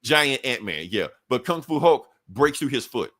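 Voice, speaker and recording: Animated, profane man recapping comics. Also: medium pitch, normal speed. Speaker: podcast co-host. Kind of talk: casual comic book recap.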